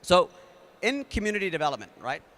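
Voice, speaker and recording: New zealand guy giving a conference talk, kinda high bright voice, loose and chatty w lots of ums. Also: fairly quick. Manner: energetic, leads the audience in a game; casual with many fillers and restarts. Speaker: conference speaker.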